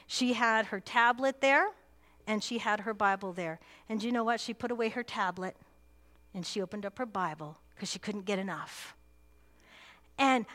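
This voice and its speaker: A woman's voice: fairly high pitch, fairly bright tone. A woman pastor preaching a sermon, earnest and emphatic, repeating key phrases for weight.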